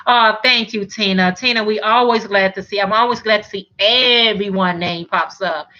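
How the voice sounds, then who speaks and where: A woman's voice: medium pitch, normal speed, pushed and bright, highs cut off. A middle-aged woman hosting a casual live stream, chatting and reading viewer comments, often restarting and repeating words.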